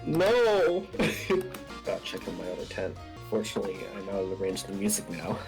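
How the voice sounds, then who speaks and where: A man's voice: low-pitched, flat delivery, very fast, creaky, music in the background, low-quality recording. A man hosting a casual gaming chat, playful and giggly as he builds and jokes. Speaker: server host building in game.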